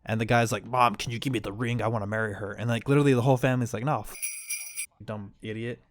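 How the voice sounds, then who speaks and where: Guy cohosting a chill podcast, rambly, keeps laughing, dry close mic, middle pitch. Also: steady tone, racing, no echo. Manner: rambling storyteller, laughs often, acts out quoted lines. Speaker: podcast co-host. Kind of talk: casual chat.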